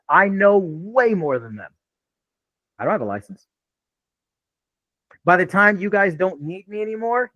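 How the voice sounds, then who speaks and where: A man's voice: on the high side, dry recording, highs cut off. A man giving an unscripted real estate training talk in a blunt, laid-back way with frequent swearing.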